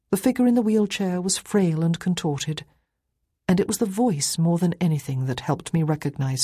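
A woman narrating an audiobook in the first person with measured, quiet storytelling. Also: lowish voice, expressive, slightly rough, no room sound, studio quality.

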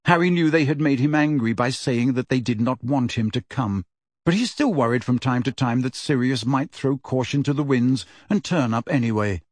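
A man narrating a novel aloud in a steady, measured storytelling manner. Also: mid-range voice, no room sound. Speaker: audiobook narrator. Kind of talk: scripted narration.

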